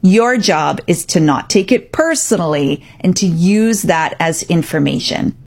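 A woman's voice: fairly low pitch, lively intonation, measured pace, gravelly, a little mellow. A middle-aged woman, a parenting coach, giving earnest, reassuring advice straight to the listener and acting out what parents and kids say.

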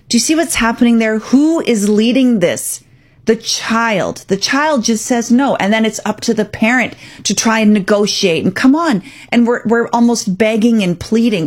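A woman's voice: mid-range voice, animated, normal speed. Firm woman radio host. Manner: firm, coaching, acts out parent and child quotes. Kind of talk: parenting advice talk.

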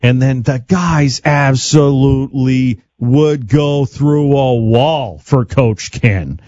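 A man's voice: mid-range voice, slow pace, mellow, no echo, muffled recording. A man hosting a radio sports show, asking friendly and joking questions in a casual interview.

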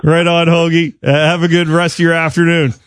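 A man's voice: a little high, completely flat delivery, fairly quick, smooth, dry recording, studio quality. A man hosting a radio sports talk show, chatting casually and asking his guest short, friendly questions. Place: radio studio.

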